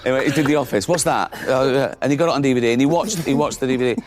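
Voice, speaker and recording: A man's voice: mid-range voice, very fast, heavy background noise. A middle-aged man chatting as a talk show guest, telling cheeky, laughing stories and often restarting his sentences. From England. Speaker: comedian guest. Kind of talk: talk show chat and anecdote.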